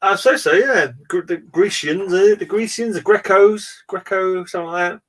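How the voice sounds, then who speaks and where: A man's voice: sits high, normal speed, fairly bright tone. A man hosting a casual online chat, telling stories in a rambling way, with many restarts and fillers and frequent laughter. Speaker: host. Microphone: remote call.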